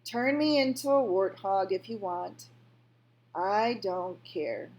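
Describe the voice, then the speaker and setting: A woman's voice: mid-range voice, lively intonation, slow, darkish tone. A woman voicing a weary male toy rabbit who speaks in a tired, resigned inner voice.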